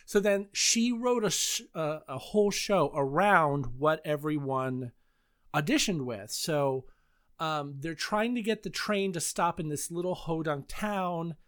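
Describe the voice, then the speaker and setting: A woman in her thirties hosting a casual podcast chat, telling stories in an animated way with frequent laughs and sudden high squeals. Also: a little slow, clean tone. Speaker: podcast host.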